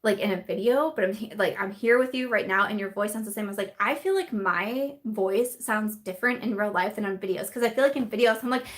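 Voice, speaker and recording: A woman's voice: medium pitch, fairly quick, hardly any pauses. A young woman hosting a casual live-stream chat, bubbly and giggly, full of fillers and laughter as she reads viewer comments.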